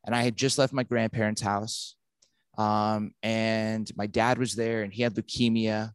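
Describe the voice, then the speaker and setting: A man in his thirties or forties, a pastor, tells a personal story in an interview. He acts out every quoted line with lively energy. The recording is close and dry. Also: lowish voice, unhurried, clean tone, dry recording. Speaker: pastor and author.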